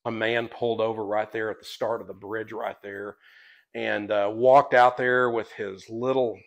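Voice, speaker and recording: The audio is dull, and the man's lowish voice moves little in pitch as he talks at a moderate pace. A tour guide who also wrote a guidebook, he shares rambling, chatty podcast stories and laughs often.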